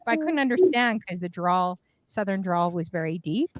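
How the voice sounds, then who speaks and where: A woman chatting casually on a livestream panel, lively and laughing, acting out quotes with playful voices. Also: fairly low pitch, normal speed, no echo. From Canada. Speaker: panel guest streamer.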